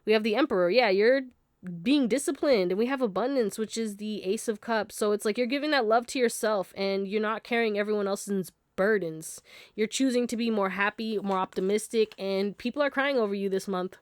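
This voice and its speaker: A woman's voice: mid-range voice, fairly quick, no echo, studio quality. A woman giving a casual tarot card reading, chatty and laughing often as she talks straight to her viewers. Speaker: tarot reader.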